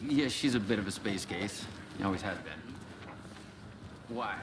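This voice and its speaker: A man's voice: on the low side, animated, a little slow, distant mic, very noisy. An actor playing an easygoing small-town male sheriff with a folksy, joking manner. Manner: laid-back, folksy, joking.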